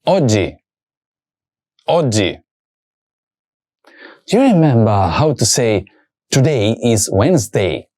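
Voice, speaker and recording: Male teacher, patient lesson delivery: unhurried, words repeated clearly, pitch moving a lot. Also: big pitch swings, darkish tone. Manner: slow, careful repetition of words for learners. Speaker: language teacher. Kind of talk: scripted language lesson.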